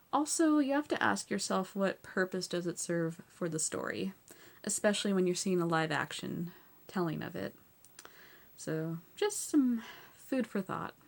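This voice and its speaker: A woman's voice: fairly low pitch, creaky. A woman hosting a casual TV episode recap. She is chatty, says "like" and "so yeah" a lot, and laughs often between points.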